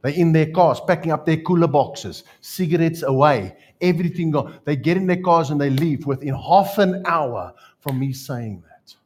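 A man with a South African accent preaching a sermon, telling stories with jokes and lively asides. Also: fairly high pitch, moderate pace, few pauses. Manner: storytelling, joking, animated asides. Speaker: pastor.

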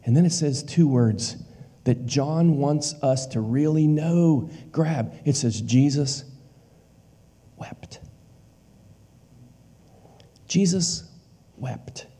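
A man preaching a sermon with emphasis. He repeats lines for weight and drops to a hush on key words. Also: fairly high pitch, takes it slowly. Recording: long hall reverb.

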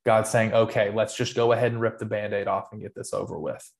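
A man's voice: on the low side, level tone, fairly quick, gravelly. Earnest man explaining at length. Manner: earnest, rambling explanations with restarts. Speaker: podcast co-host. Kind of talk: casual theological discussion.

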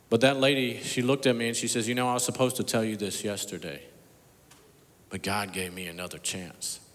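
A man preaching a sermon as pastor, telling a story, dropping to a hush and then rising loud and emphatic. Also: medium pitch. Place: church sanctuary. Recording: long hall reverb.

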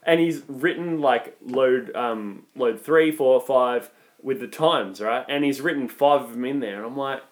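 A man's voice: mid-range voice, a little slow. A young Australian man, a podcast co-host, telling a rambling story in casual chat and laughing along. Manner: rambling, laughs through his own stories.

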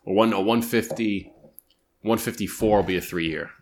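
A man's voice: fairly low pitch, normal speed. A man co-hosting a podcast, chatting in an easygoing way, laughing often and swearing casually. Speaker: podcast co-host. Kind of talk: casual chat.

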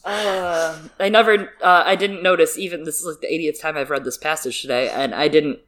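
A woman co-hosting a casual book-discussion podcast, animated and joking, swearing freely. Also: low voice, brisk. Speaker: podcast co-host.

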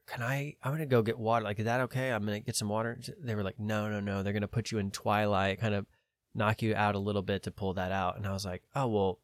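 A man's voice: on the low side, little pitch movement, quick pace, dry recording, studio quality. A man on a podcast telling a long story in a casual way, quoting other people in his own voice and swearing now and then. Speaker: podcast host.

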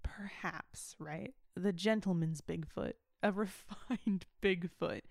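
A woman's voice: fairly low pitch, slow pace, creaky, a little mellow, no echo, studio quality. A woman riffing playfully in a casual comedic chat over a video call. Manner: playful, riffing, puts on silly voices.

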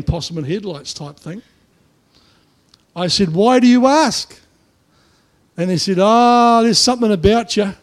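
Down-to-earth New Zealand pastor. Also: male voice, a little high. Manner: down-to-earth, colloquial, animated storytelling. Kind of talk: sermon with personal storytelling. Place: church.

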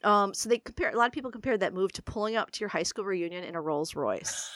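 A woman telling a story in casual podcast chat, chatty and quick to laugh, trailing off with fillers. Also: mid-range voice, animated, fairly bright tone, no echo, studio quality. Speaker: podcast co-host.

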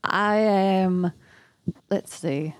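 A woman playing a tabletop game, joking and unhurried. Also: mid-range voice, steady tone, no room sound. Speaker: player.

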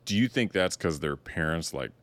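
A man's voice: sits low, animated, normal speed, fairly bright tone, no echo. A man hosting a podcast in casual chat, laid-back, swearing freely and laughing often. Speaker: podcast host.

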